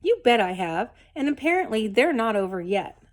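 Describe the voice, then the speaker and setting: A woman's voice: on the high side, normal speed. Woman voicing a weary, bitter toy rabbit. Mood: weary despair. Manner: quiet, flat, resigned murmur. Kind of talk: storybook reading.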